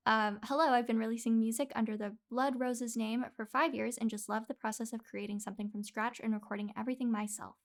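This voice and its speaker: Gushing, high-voiced woman streamer. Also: steady tone, quick pace, hardly any pauses. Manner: effusive, gushing, laughs often. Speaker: streamer reviewing listener music. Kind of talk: casual live-stream commentary.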